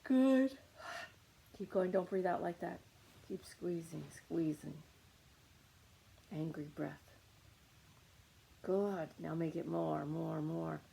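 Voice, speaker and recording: A woman's voice: deep voice, fairly even intonation, slow pace, creaky, pauses often, dark tone, a little hiss or hum, poor audio. A woman leading a guided meditation on anger, coaching listeners with short repeated commands.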